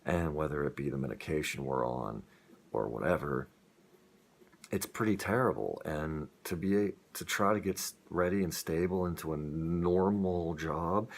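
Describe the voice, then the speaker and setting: A man's voice: rumbling low, a little hiss or hum. A young man talking earnestly and rambling in a personal vlog about living with his illness. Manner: rambling, earnest, with self-deprecating laughs. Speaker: vlogger. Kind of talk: rambling personal talk to camera.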